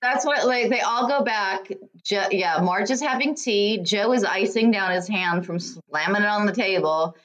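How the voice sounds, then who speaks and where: A woman's voice: medium pitch, normal speed, hardly any pauses. Chatty enthusiastic woman co-host. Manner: chatty, enthusiastic, animated retelling. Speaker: podcast co-host. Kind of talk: casual chat recapping reality TV.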